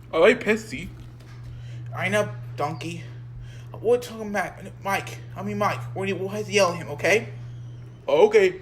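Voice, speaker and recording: A man's voice: high-pitched, fairly bright tone, a little hiss or hum. A man acting out a playful homemade skit, switching between put-on character voices.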